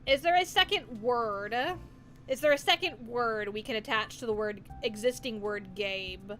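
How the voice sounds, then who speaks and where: Giggly high-voiced woman streamer. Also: moderate pace, a bit bright, faint music behind. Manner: giggly, playful, rambling and silly. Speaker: live streamer. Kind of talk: casual live-stream chat.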